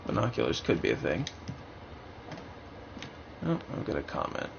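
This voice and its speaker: Young male streamer, gravelly, muttering and thinking aloud; muffled home mic with faint hiss. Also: sits low, huge pitch swings, normal speed. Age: young adult. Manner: thinking aloud, rambling and hesitant. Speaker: livestreamer playing a game. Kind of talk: live gameplay commentary.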